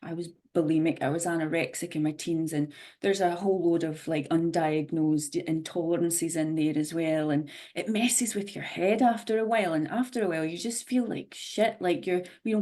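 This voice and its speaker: A woman's voice: lowish voice, normal speed, dark tone. A woman on a video call talking candidly about her fitness journey, rambling a bit and restarting her sentences. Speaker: program participant. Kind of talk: sharing a personal story on a video call.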